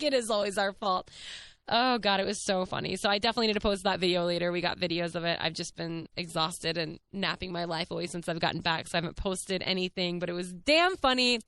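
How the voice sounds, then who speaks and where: Chatty woman with a smooth voice. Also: mid-range voice, no room sound. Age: 30s. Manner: chatty, animated, laughs often, swears casually. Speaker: podcast host. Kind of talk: casual storytelling.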